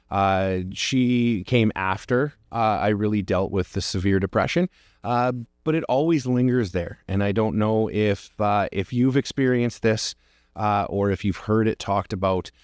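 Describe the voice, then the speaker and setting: A man with a fairly low voice speaks as a podcast host, earnest and encouraging. He tells his story in an unhurried, reflective way. The sound is close and dry, with no room around it. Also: a little mellow, dry recording. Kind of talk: personal podcast monologue.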